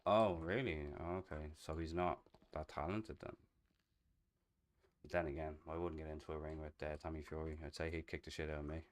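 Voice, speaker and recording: Young male streamer with a Dublin accent: deep, smooth and clear, casual and chatty. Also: fairly even intonation, fairly quick. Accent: Dublin Irish. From Ireland. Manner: chatty, rambling, swears casually. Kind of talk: casual chat while streaming a roleplay game.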